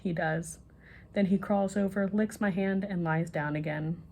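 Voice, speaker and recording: A woman reading a children's bedtime story aloud in an expressive, lively way. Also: mid-range voice, moderate pace, a little hiss or hum.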